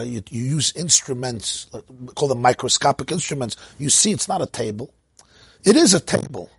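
A man's voice: medium pitch, no room sound. A man teaching an informal Torah talk at a gathering, telling stories, laughing often and mixing in Hebrew and Yiddish terms. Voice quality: husky. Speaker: rabbi teaching.

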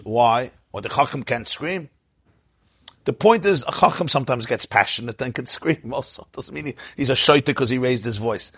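A husky man with a slightly high voice tells stories in an animated way, laughing between lines. His pitch swings wide, and the dry recording keeps him close. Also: dry recording. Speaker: Torah speaker. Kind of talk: lively storytelling talk.

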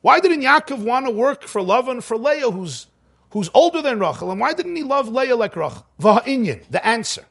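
A man teaching a Torah class. He reads the source text fast, translates it, then explains it with slow, emphatic phrasing and an occasional chuckle. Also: very high-pitched, very animated, creaky, a bit bright, husky.

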